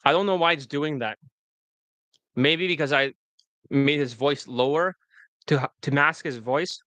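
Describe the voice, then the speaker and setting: A male coach with a somewhat high voice talks through a screen recording in a loose, rambling way. He swears freely and fills his sentences with "like" and "you know." The sound is close and dry, with no room echo. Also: a little slow, sharp tone. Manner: loose, rambling and profane, with many fillers. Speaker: dating coach. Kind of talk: casual commentary over a screen recording.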